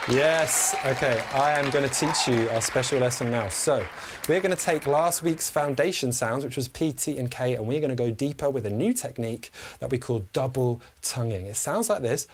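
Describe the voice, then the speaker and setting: A man in his thirties hosting an upbeat online beatbox lesson for kids, energetic and enthusiastic, often singing his lines. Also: medium pitch, moderate pace, crowd noise, background noise. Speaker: beatbox teacher and host.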